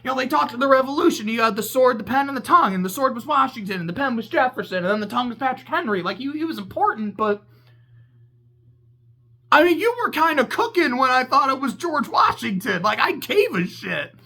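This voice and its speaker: A game reviewer ranting in a casual video essay, excitable and profane, rambling and laughing at their own tangents. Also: sits high, a little fast. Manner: laughs mid-sentence and corrects itself.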